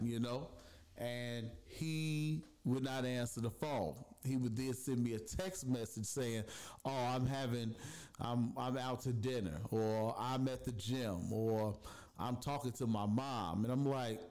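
A man's voice: mid-range voice, a little slow, a little mellow. A man casually telling the story of how his podcast started, chatty and loose, with fillers and voiced asides. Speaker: podcast host.

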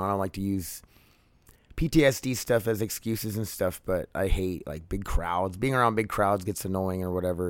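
Low-pitched and without echo, this thirty-something host's solo podcast monologue is casual and frank, wandering with many fillers and false starts.

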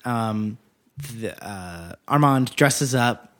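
A man co-hosting a casual film discussion, relaxed, laughing as he retells scenes. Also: mid-range voice, extremely slow. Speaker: podcast co-host.

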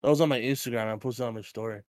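A young man from Hawaii co-hosting a casual podcast, joking and swearing, often trailing off into low mumbles. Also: rapid-fire, a crowd in the background. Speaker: podcast co-host.

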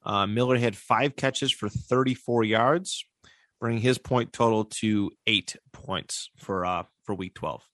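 A man's voice: on the low side, a bit bright, no room sound. Man hosting a sports podcast, dry sound. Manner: reads out sports stats with pauses and fillers. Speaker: podcast host. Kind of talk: casual podcast chat.

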